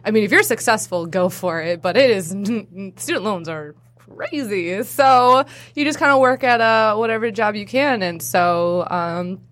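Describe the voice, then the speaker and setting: A woman's voice: medium pitch, animated, unhurried, fairly bright tone. A young adult woman, a hairstylist and cosplayer, chatting as a podcast guest in a bubbly way with frequent laughs. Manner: bubbly, laughs often, lots of fillers. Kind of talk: casual interview chat.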